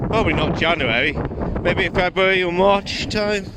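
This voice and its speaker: A man vlogging outdoors on a phone in wind and rain, rambling with many fillers and pauses. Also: high voice. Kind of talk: casual vlog chat. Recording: heavy wind noise on phone mic.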